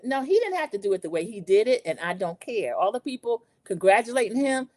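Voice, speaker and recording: A woman hosting a podcast, recapping a TV show in a chatty, animated way and talking straight to her listeners. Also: fairly high pitch, fairly quick, no room sound. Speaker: podcast host. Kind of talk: casual TV recap chat.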